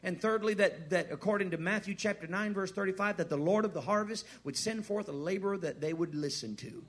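High-voiced preacher, swinging soft to loud. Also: male voice. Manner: wide swings from hushed to loud, repeats words, asks the crowd. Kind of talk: sermon with a personal story.

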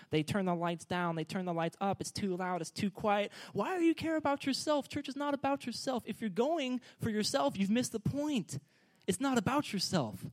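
Preacher: a man with a high voice, lively and joking, pushing the room to respond. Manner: energetic, joking, urging the congregation to respond. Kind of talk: sermon.

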